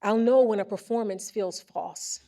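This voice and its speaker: Woman, speech read aloud on stage, expressive, comic timing, stage mic. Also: mid-range voice, measured pace. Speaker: presenter reading a personal story. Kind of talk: reading a first-person speech aloud on stage. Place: theater stage before a live audience.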